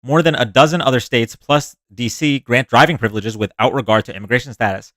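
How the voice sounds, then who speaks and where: A sarcastic man reads political news on a live stream, breaking off to mock what he just read. His voice sits at an ordinary middle pitch and sounds dry and close, with no room echo. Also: fast talker, fairly bright tone. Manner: sarcastic, reads quotes then mocks them. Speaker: livestream host reading news. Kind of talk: casual commentary reading news aloud.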